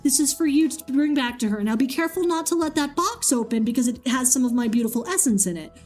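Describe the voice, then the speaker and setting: A woman's voice: high voice, lively intonation, quick pace, darkish tone, faint music behind. A woman voicing a kindly, sympathetic queen of the underworld in a gushing manner.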